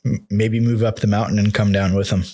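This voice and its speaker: A man's voice: lowish voice, little pitch movement, a little fast, warm tone. A man in his thirties hosting a podcast, chatting casually and joking around with his guest, laughing often. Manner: laid-back, jokey, laughs often. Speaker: podcast host.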